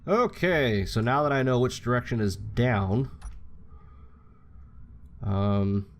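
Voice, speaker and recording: A man's voice: mid-range voice, takes it slowly. A young man giving casual, rambling commentary while playing a game, chatting freely and swearing now and then. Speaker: gaming channel host.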